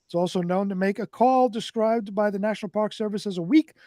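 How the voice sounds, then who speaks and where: A man co-hosting a talk radio show reads strange news items in a fairly high voice. He halts often and trips over words he can't pronounce. The sound is dry and close. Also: dark tone, no echo. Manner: halting, stumbling over hard words. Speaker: radio co-host reading news. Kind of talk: reading weird news stories on talk radio.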